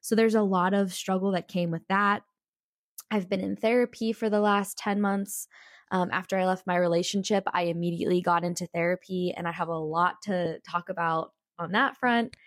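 A woman's voice: fairly low pitch, normal speed, no echo, studio quality. Bubbly young woman podcast host. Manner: bubbly, excitable, slangy. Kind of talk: casual solo podcast chat.

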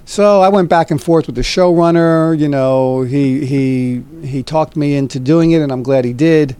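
A man's voice: a little high, moderate pace, clean tone, no echo. A middle-aged man, an actor, telling a long anecdote in a casual interview and acting out the people he quotes. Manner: animated anecdote teller, acts out quoted voices. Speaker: actor guest.

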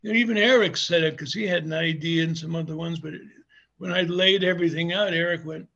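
An older man with a high, gravelly and husky voice tells rambling stories from his wrestling days, animated and quick to laugh. The audio is muffled and lo-fi. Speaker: former wrestler, guest. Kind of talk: casual interview storytelling.

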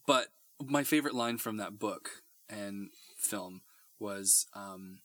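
A man co-hosting a casual chat from a small closet, quick to laugh and telling stories. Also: fairly low pitch, no room sound. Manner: laughs easily, animated storytelling.

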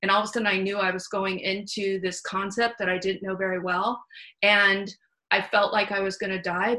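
Bright-voiced woman hosting a candid chat. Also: medium pitch, moderate pace, rough recording. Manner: animated, candid, salty storytelling. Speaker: host. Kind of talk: casual chat.

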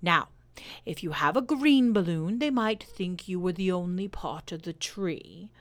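A woman voicing a gentle, slow, dreamy male teddy bear who hums and ponders as he talks. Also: lowish voice, lively intonation. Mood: musing.

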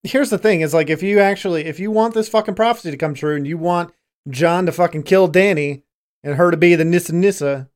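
Higher-voiced man joking casually. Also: a little fast. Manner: confident, profane, jokey. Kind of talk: casual chat.

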